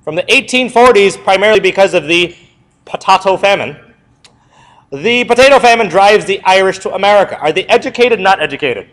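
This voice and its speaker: A young man teaching in a classroom, his fairly high voice jumping up and down in pitch as he fires questions at the class. He reviews a history unit at a brisk, conversational clip, recorded from a little distance in the room. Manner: lively, asks the class questions and answers them himself.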